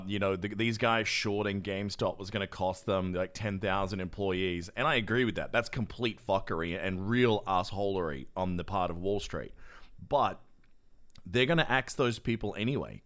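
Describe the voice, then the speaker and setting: A man's voice: low-pitched, moderate pace, fairly bright tone. A man, co-hosting a casual podcast chat and swearing bluntly as he argues his point. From Australia. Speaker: podcast co-host.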